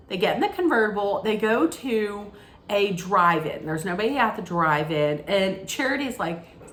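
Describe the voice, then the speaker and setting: A woman's voice: medium pitch, a bit bright, roomy sound, slight background noise. A woman recapping a reality TV episode in a casual, gushing way, with lots of ums and restarts. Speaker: TV recap vlogger.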